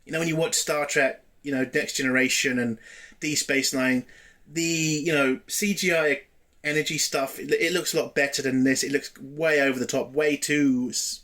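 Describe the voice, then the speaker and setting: A man's voice: on the high side, steady tone, normal speed, a bit bright. A man giving a casual spoken review of a TV episode, blunt and exasperated, swearing freely.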